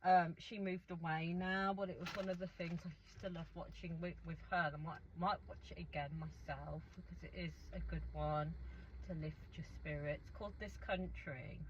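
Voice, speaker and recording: A woman's voice: low-pitched, fairly even intonation, moderate pace, dull audio, a little hiss or hum. A middle-aged woman chatting casually through an eating show, rambling and talking to herself as she goes. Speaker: food vlogger.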